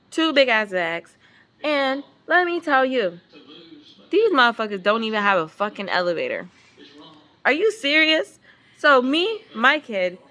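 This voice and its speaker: A mother vlogging a casual storytime, exasperated and swearing freely as she tells it. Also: fairly high pitch. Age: adult parent. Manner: exasperated, profane, animated storytelling.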